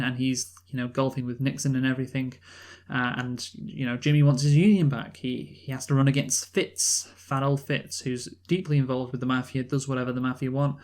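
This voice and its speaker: A man's voice: medium pitch, a little mellow. A man from England casually reviewing a film with a co-host, rambling and swearing freely. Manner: rambling, swears freely, does comic impressions. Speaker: podcast co-host.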